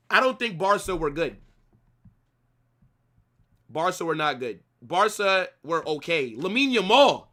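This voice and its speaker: Man, young adult, football streamer, profane ranting, high voice. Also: bright, forceful tone. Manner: profane, ranting, repeats himself. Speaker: streamer hosting a football watch-along. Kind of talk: live watch-along rant.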